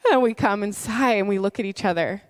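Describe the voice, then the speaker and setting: A woman in her thirties preaching a sermon in an earnest, conversational storytelling manner, with heartfelt warmth. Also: mid-range voice, fairly quick, dry recording, clean studio sound. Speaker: pastor.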